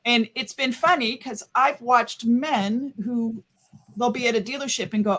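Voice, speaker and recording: A woman's voice: on the high side, a little slow, fairly bright tone. An older woman, a grandmother who rides motorcycles, talking candidly and encouragingly in a casual group chat. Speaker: motorcycle rider.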